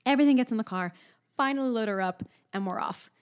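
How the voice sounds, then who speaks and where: Animated woman telling a story, high voice. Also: fast. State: pregnant. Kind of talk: casual storytelling chat.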